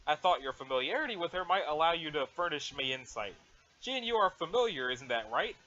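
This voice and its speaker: A man's voice: on the high side, sing-song, fairly quick, pushed and bright. A man voicing an aloof, formal alien troll girl with stiff, overly proper wording, on a dull lo-fi mic.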